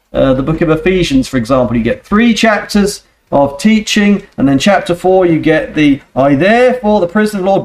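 A man preaching a sermon with earnest emphasis and rhetorical questions, speaking. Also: high-pitched.

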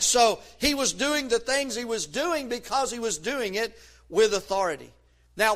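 A man preaching a sermon from the pulpit, fervent and emphatic, rising to shouts on key points. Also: very high voice. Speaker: pastor.

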